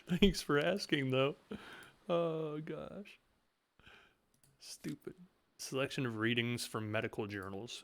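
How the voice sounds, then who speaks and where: A man's voice: mid-range voice, lively intonation, moderate pace. A man playing a game and reading its text aloud, with sarcastic, joking asides. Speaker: game streamer.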